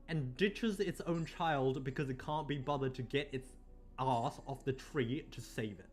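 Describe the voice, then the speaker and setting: A man's voice: mid-range voice, unhurried, faint music behind. Rambling young man streaming, swearing freely. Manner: rambling, swearing, stammering restarts. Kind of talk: casual chat stream.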